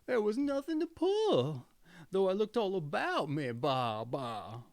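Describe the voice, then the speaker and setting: A man's voice: high voice, huge pitch swings, takes it slowly, no room sound, studio quality, voice pushed up, heavily acted. A man voicing a lying, greedy she-goat in a storybook reading, bleating as she speaks. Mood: sly whining.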